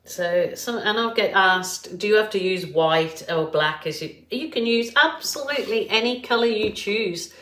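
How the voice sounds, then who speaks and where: A woman's voice: mid-range voice, lively intonation, moderate pace, hardly any pauses, fairly bright tone, echoey room. A middle-aged woman from England with a Birmingham accent, talking viewers through a painting tutorial in a chatty, rambling way with plenty of fillers. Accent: Birmingham English. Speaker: art tutorial host.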